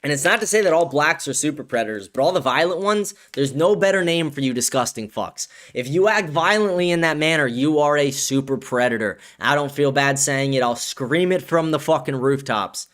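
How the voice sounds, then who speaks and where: A male stream host delivers heated political commentary. His voice sits a touch above the usual male pitch. His angry, profane ranting sets the tone throughout. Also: expressive, brisk, few pauses, fairly bright tone. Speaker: show host.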